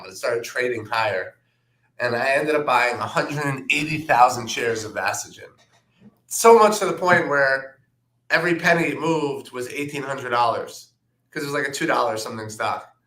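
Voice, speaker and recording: A man, a trader, telling stories from his career in a relaxed anecdotal way, with plenty of "um" and "like". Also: mid-range voice. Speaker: trader and guest. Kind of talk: casual storytelling. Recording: roomy echo.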